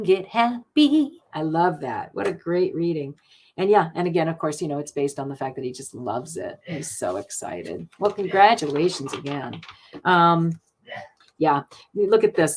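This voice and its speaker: A middle-aged woman hosting a live card reading stream, chatty and gushing, laughing often. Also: sits low.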